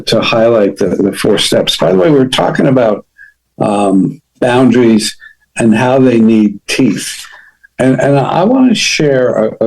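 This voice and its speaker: A middle-aged man talks in a calm, earnest way, walking listeners through a self-help lesson step by step. His voice is mellow and relaxed, sitting at an ordinary mid pitch. He often slips into sample dialogue to show what he means. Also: vocal fry, poor audio. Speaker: podcast host. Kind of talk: self-help talk on boundaries.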